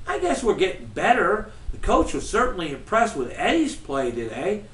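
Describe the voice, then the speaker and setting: Brief: earnest, pleading teen boy, read by a man, high animated voice, echoey. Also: normal speed. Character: friendly teenage boy, hurt and puzzled. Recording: roomy, from far off.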